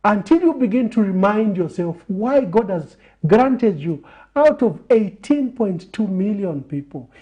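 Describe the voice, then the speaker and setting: A man on a TV interview show who speaks in a measured way, building his points through repeated phrases. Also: sits high, sing-song, dark tone. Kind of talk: reflective talk in a TV interview.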